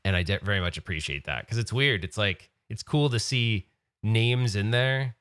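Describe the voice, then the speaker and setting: A man's voice: on the low side, normal speed, a bit bright, clean tone, dry recording, studio quality. A man hosting a live-stream podcast in casual chat, rambling and getting sidetracked. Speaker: podcast host.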